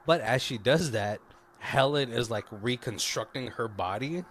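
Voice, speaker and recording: A man in casual podcast talk, retelling a movie scene by scene and slipping into quick voices for the characters. His pitch sits in the middle of the male range, and he laughs often between lines. A faint hiss of noise runs under the recording. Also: expressive. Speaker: podcast co-host. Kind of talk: casual film commentary chat.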